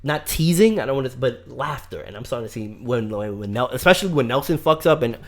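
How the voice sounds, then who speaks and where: A young man from Brooklyn, co-hosting a casual podcast and telling a long, profane story with big swings between low mutters and loud outbursts. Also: expressive, fast. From Brooklyn, New York.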